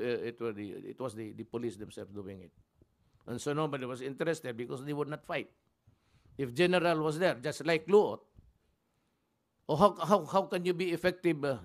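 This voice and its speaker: An older man in his seventies speaks with a Filipino accent and a slightly high-pitched voice. He rambles bluntly and angrily through unscripted press remarks. He keeps breaking off and restarting his sentences. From Philippines. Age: 70s. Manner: blunt, angry, rambling with many restarts and fillers. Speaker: president at a press conference.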